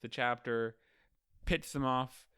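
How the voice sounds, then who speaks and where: A man giving a casual, offhand recap of manga chapters, tossing in sarcastic asides and quick mock quotes of the characters. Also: medium pitch, a bit bright, clean tone, no echo.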